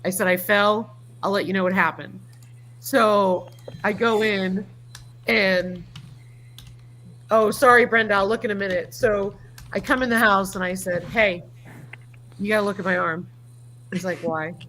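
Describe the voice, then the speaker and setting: A woman's voice: mid-range voice, fairly even intonation, a little slow, pauses often, a bit bright, slight background noise. A middle-aged woman hosting a casual livestream chat. She tells folksy stories and reads viewer comments aloud. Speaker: livestream host.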